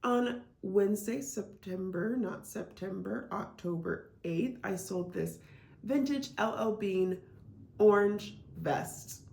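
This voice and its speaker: A woman's voice: medium pitch, takes it slowly, vocal fry, a little mellow. A woman from Iowa, chatting casually as a reselling vlogger, full of "like" and "um" fillers. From Iowa, United States. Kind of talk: casual vlog chat. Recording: echoey room.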